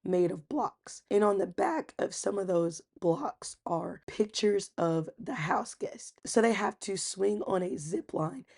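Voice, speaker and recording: Casual recap host: a woman with a husky, breathy voice and some gravel, chatty. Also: mid-range voice, takes it slowly, hardly any pauses. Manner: chatty, acts out quotes with animated voices.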